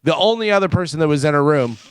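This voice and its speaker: Smooth-voiced man telling a story on radio. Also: fairly high pitch, fast, dry recording. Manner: animated anecdote teller with laughs and quoted voices. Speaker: radio show co-host. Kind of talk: casual storytelling on morning radio. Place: radio studio. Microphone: studio microphone.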